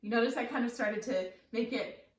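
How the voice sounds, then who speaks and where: A woman's voice: on the high side, brisk. Chatty woman teaching voice in an echoey room. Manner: relaxed, chatty explaining with frequent ums and likes. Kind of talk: casual spoken singing lesson. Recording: roomy echo from a distant mic.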